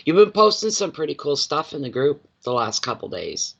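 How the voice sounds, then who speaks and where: A man, a card reader chatting casually on a livestream from home, expressive and quick to laugh, greeting viewers by name. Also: fairly high pitch, vocal fry, slightly rough, lo-fi sound. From Atlantic Canada.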